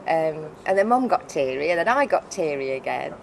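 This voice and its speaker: A middle-aged woman telling a personal story as an interview guest, heartfelt and halting, often restarting her sentences. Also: deep voice, very animated, creaky, rough recording. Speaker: interview guest, foundation founder.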